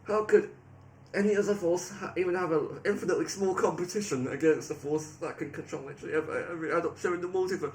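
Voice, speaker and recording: A man giving rambling, excitable casual commentary, often laughing and restarting his sentences. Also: on the high side, quick pace. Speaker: video creator. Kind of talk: casual commentary reading AI replies aloud.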